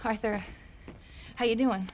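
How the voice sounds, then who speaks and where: A woman's voice: fairly high pitch, fairly even intonation, measured pace, noisy background, natural voice. An actress playing a worried young frontier mother who speaks anxiously and apologetically in a video game.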